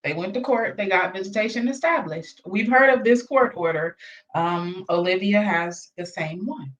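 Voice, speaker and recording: A woman hosting a reaction video. She comments in an expressive, gossipy way and talks straight to her viewers. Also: mid-range voice, moderate pace, muffled recording. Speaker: reaction channel host.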